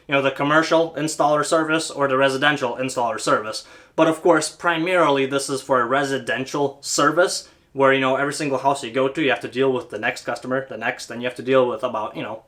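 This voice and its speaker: Guy talking casually to camera, bit higher voice, lots of "you know". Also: a bit bright. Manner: conversational, frequent "you know". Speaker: HVAC service technician.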